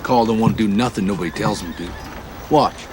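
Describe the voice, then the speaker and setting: An actor playing a brash cowboy in a TV western, goading a stubborn friend in a rough, rapid drawl. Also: male voice, lowish voice, a loud crowd, close to an everyday voice.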